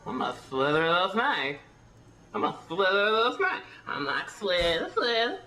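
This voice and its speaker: A performer in a comedy video playing a slithery, sneaky hypnotist snake in a drawn-out sing-song voice, over loud crowd noise. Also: mid-range voice, very animated, natural voice. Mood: sly, goofy.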